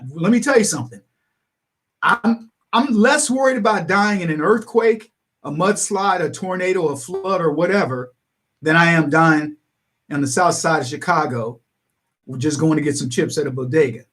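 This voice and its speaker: A man hosting a political livestream, telling stories in an animated way, acting out other people's lines and chuckling between points. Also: fairly high pitch, normal speed. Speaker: talk radio host.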